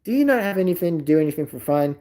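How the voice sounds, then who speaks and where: A man's voice: fairly high pitch, expressive, rapid-fire, warm tone. A man live streaming in casual chat, rambling and repeating himself, swearing indignantly at a rude comment.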